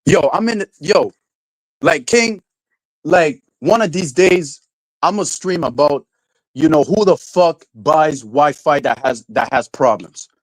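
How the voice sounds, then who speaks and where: In a slow, slightly high voice with lively intonation, this livestreamer curses his way through casual, profane chat. Annoyed, he rants, starts over repeatedly, and gets louder in anger, recorded dry and close with no room sound in low quality.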